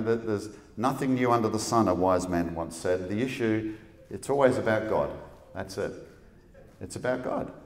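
Australian man, middle-aged, relaxed joking lecturer, lowish voice, echoey hall with long reverb. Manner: laid-back, joking, quick-talking. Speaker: guest speaker. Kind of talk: public lecture.

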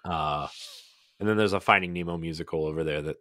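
A man's voice: sits low, a little fast, fairly bright tone, no room sound, studio quality. A man co-hosting a podcast in casual chat, rambling with lots of "like"s and restarts. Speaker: podcast co-host.

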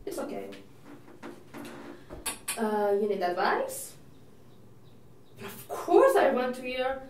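A woman's voice: high-pitched, sing-song, slow pace, slight background noise, exaggerated voice. Woman playing a neurotic, doting older sister. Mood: fretful. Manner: rambling, self-absorbed and fretful. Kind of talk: audition monologue. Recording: echoey room, mic from a distance.

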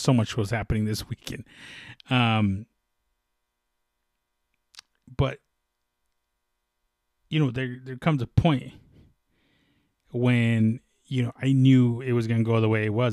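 Man, podcast host, casual sports talk, rambling with fillers, mid-pitched, dry close sound. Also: darkish tone, no room sound. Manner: rambling, many fillers and self-corrections. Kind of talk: casual solo sports chat.

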